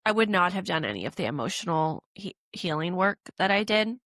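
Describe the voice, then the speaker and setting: A woman's voice: lowish voice, big pitch swings, brisk, fairly bright tone, no echo, clean studio sound. A young woman co-hosting a podcast, telling her story candidly and emotionally, with many fillers. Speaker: podcast co-host. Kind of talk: casual conversation.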